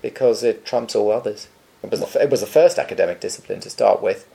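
A man's voice: on the low side, fast, vocal fry, dark tone. A man answering listener questions in a casual podcast chat, dry, blunt and opinionated.

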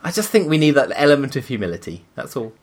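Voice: mid-range voice, sing-song, quick pace, noisy background. Playful, giggly podcast co-host. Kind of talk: casual chat.

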